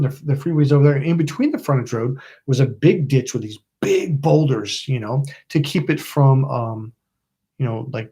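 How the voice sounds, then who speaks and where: A man's voice: medium pitch, a little mellow. A middle-aged man from California hosting his channel, telling a rambling story with lots of swearing and acted-out quotes. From Napa, California. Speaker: channel host. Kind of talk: casual storytelling livestream.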